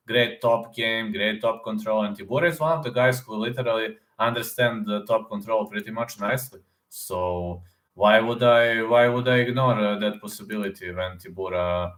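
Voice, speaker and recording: Guy ranting about fights, keeps repeating himself, showing moves, echoey room. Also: lowish voice. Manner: excitable, repeats phrases, demonstrates fight moves. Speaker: MMA news reaction host. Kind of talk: casual reaction commentary.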